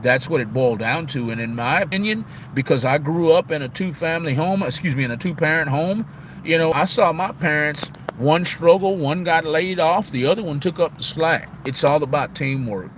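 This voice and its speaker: A man's voice: a little high, moderate pace, slight background noise. A heartbroken man on the verge of tears, talking casually on a live stream and repeating "man" and "y'all". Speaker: livestream host.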